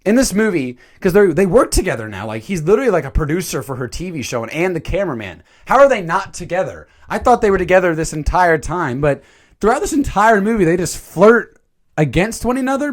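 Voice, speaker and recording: A man reviewing a movie in a casual, jokey commentary. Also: on the high side. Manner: animated, jokey, slips into silly voices.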